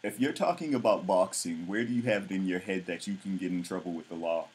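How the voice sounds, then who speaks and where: A man's voice: low voice, quick pace, a little mellow, slightly rough, poor audio. A man hosting his own show, ranting in a blunt, mocking, profane way. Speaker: vlog host. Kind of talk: casual ranting commentary.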